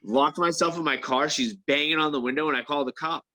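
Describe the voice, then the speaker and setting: A man telling a story in casual chat, animated and stammering, acting out the other people's lines. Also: on the high side, fairly quick, rough recording. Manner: animated, acts out quoted voices, stammers and restarts. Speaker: MMA fighter guest.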